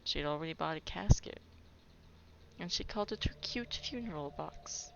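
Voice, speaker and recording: A woman's voice: low-pitched, expressive, moderate pace, vocal fry, slight background noise. A woman playing a video game who reads its text aloud and breaks off into playful, chatty asides. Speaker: let's play gamer. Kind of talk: reading game text aloud with casual commentary. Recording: dull recording with game music.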